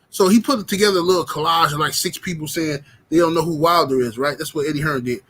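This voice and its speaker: A man with a fairly high voice hosts a boxing livestream. He argues his case with emphasis, calls out names from the chat and keeps checking in with "right?". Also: fast talker, few pauses, sharp tone. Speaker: boxing commentary host. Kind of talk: livestream commentary with chat shout-outs.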